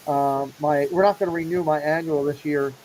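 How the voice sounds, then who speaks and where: A man's voice: on the high side, steady tone, moderate pace, a little mellow, slight background noise, poor audio. A middle-aged man hosting a casual show, animatedly acting out the people in his story. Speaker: show host.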